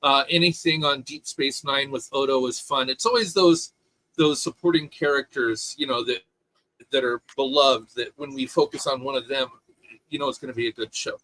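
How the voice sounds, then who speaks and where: A man co-hosting a casual podcast chat, opinionated and animated, with many restarts. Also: medium pitch, normal speed, no room sound, poor audio. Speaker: podcast co-host.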